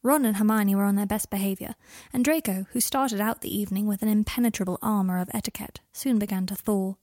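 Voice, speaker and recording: Husky woman narrating quietly. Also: medium pitch, quick pace, no room sound, studio quality. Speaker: audiobook narrator. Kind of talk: fan fiction audiobook reading.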